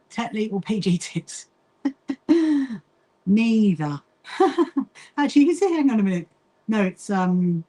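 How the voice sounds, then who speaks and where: A UK woman hosts a casual sewing livestream, chatting as she stitches, reading viewer comments aloud and often pausing for little asides. Her voice is medium-pitched and a little mellow.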